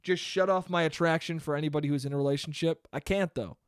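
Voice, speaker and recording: A young man with a slightly high, steady voice talks fast in clean, echo-free, studio-quality audio. Hosting a solo podcast, he delivers a casual monologue, rambling and swearing, often cutting himself off and laughing.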